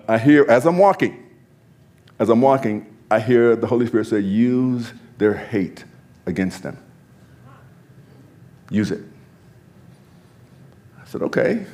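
A pastor telling a story in conversation, animated, often laughing and repeating his words. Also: medium pitch.

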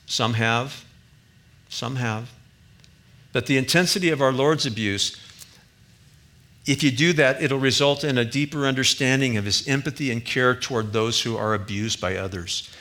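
A man preaching a sermon as a pastor, earnest, rising to emphatic peaks and dropping quiet again. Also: mid-range voice, normal speed.

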